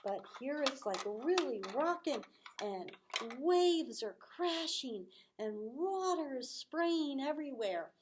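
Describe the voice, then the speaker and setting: A woman teaching children, telling a story with lively acted-out voices and hushed asides. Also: high-pitched, slow. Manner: animated, acts out voices with big swells.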